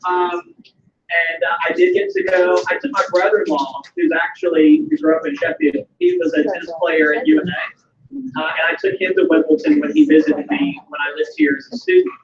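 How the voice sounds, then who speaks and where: A man's voice: extremely high pitch, sing-song, moderate pace, gravelly. Chatty Southern man on a roomy video call. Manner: chatty and enthusiastic, with frequent ums and restarts. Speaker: historian answering students' questions. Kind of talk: casual Q&A over a video call. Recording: echoey, distant, muffled video call audio with light noise.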